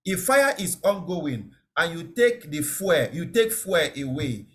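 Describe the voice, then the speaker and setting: Man teaching safety, lively pitch. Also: unhurried, hardly any pauses. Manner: explanatory, repeats key words, checks understanding. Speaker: safety trainer. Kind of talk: online lecture.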